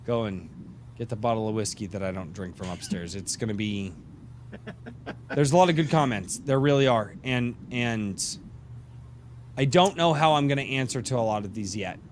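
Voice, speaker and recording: A man's voice: on the low side, normal speed, a little hiss or hum. A middle-aged man hosting a podcast, chatting casually in a rambling way and joking while drinking beer, his voice tired. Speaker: podcast host. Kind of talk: casual live-stream chat.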